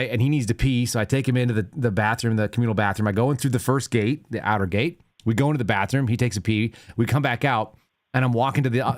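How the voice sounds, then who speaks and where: A man's voice: mid-range voice, dry recording, clean studio sound. Ranting male call-in show host. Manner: ranting, animated storytelling. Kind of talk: casual call-in show chat.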